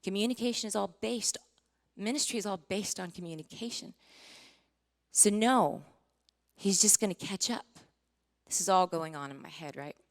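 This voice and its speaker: A woman in her forties giving a sermon testimony, telling her story with strong feeling, acting out what was said, rising to near-shouting and dropping to whispers. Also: medium pitch, normal speed, pauses often. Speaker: Christian singer giving a testimony. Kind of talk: sermon testimony to a live audience.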